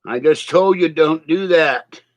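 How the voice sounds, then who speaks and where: A man's voice: a little high, measured pace, pitched above the performer's own voice, close to an everyday voice. A man voicing a stern judge who scolds someone in a slightly raised, exasperated voice. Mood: scolding.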